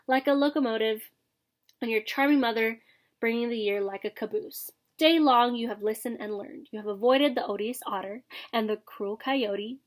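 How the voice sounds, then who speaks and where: A woman voicing a stately male trumpeter swan father who speaks in slow, flowery, formal phrases, read aloud from a storybook. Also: a little high, natural voice. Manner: slow, grand, flowery delivery.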